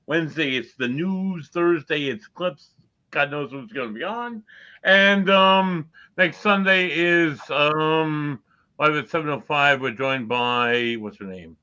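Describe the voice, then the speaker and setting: A man's voice: on the high side, takes it slowly, bright, forceful tone, smooth, highs cut off. A man co-hosting a podcast, rambling casually with lots of fillers as he wraps up and promotes upcoming shows. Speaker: podcast co-host. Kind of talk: casual chat, show promos.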